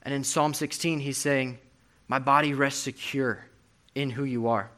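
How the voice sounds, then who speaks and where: A man's voice: mid-range voice, fairly even intonation, a little slow, bright, forceful tone. A young man preaching a sermon, earnestly reading and explaining scripture. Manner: earnest, reads scripture aloud with emphasis.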